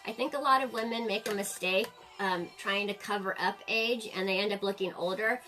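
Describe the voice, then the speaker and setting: A woman's voice: mid-range voice, brisk, music in the background. A woman in her forties hosting a casual live-stream makeup tutorial, chatting to viewers and laughing often. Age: 40s.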